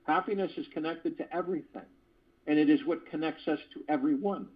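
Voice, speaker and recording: A man's voice: on the high side, fairly quick, husky. A man hosting a spiritual conference call, reading a prepared talk in an earnest way and breaking off now and then for a playful aside. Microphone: phone conference call. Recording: dull lo-fi phone call line.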